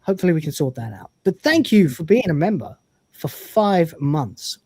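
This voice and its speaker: A man's voice: on the high side, big pitch swings, moderate pace, warm tone, husky, no echo. A man co-hosting a live stream, reading out viewer messages in a jokey, laughing manner. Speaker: livestream co-host reading donations. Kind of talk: casual chat.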